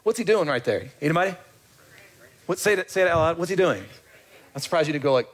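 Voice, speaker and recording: A man's voice: on the high side, big pitch swings, fast talker, pauses often. A man preaching a sermon in a conversational way, often asking the congregation questions. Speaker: pastor.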